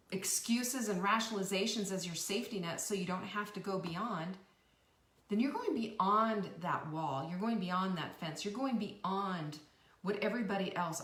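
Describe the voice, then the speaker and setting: A middle-aged woman hosting an earnest, encouraging faith talk, asking listeners direct questions. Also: mid-range voice. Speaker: host. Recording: roomy and distant from the mic.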